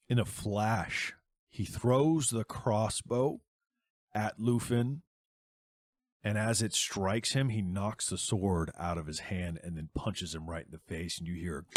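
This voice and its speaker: A man narrating as game master of a tabletop game, describing the action in a lively way. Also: low voice, dry recording.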